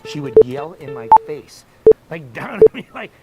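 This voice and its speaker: This middle-aged guitar teacher has a very high voice with huge pitch swings and an unhurried delivery, and the audio is very noisy. He rambles casually through a one-on-one lesson full of anecdotes and asides as loud electric guitar plays.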